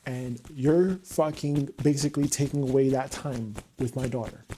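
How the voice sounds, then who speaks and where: A man's voice: mid-range voice, fairly even intonation, moderate pace, dark tone, slight background noise. A man talking unscripted on his livestream, venting heatedly and swearing often.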